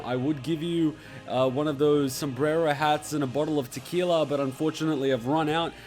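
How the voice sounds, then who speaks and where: A man from Serbia hosting his YouTube channel in a chatty, joking way. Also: on the high side. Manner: chatty, joking, swears for fun. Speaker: YouTube host. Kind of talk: casual vlog talk.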